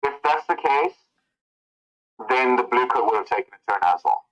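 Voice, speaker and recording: A man's voice: mid-range voice, lively intonation, normal speed, a bit bright, rough recording. A man acting as game master, narrating scenes and working out the rules aloud. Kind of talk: narrating and ruling a tabletop game.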